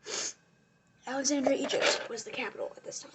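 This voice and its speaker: High-voiced woman ranting about history. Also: brisk, heavy background noise. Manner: rambling, profane, giggly asides. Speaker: vlogger. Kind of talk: casual comedic history retelling.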